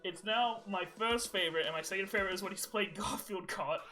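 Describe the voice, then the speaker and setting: A man's voice: high-pitched, fast, poor audio. A man co-hosting a podcast, telling stories in a casual, rambling way with lots of swearing. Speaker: podcast co-host. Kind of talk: casual chat.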